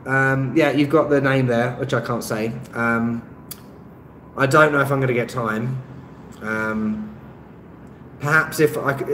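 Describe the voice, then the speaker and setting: A man from West London with a West London accent, hosting a live stream and reading out viewer comments in a relaxed way with lots of ums. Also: medium pitch. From West London, England. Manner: relaxed, many ums, chuckles at himself. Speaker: YouTube travel channel host. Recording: echoey room, faint traffic noise.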